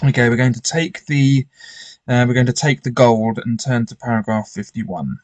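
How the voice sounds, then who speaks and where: A man's voice: mid-range voice, normal speed, darkish tone, no room sound. A man reading a gamebook aloud with commentary, often stumbling and restarting his sentences. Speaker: gamebook player.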